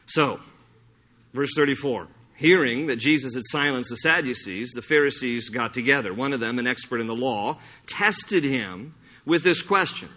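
A man preaching a sermon, telling anecdotes in an animated way with laughter and frequent restarts. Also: mid-range voice, moderate pace. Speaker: pastor.

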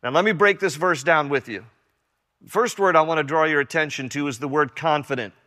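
A man's voice: fairly high pitch, brisk, bright, forceful tone. An older man preaching a sermon as pastor, earnest and emphatic, repeating key lines. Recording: long hall reverb.

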